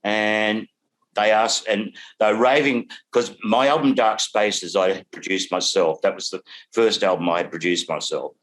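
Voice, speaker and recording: Older Australian man, low voice, laughing anecdotes. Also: moderate pace. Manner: animated storyteller, laughs through his stories. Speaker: guest songwriter. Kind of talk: casual anecdote telling. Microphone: video call.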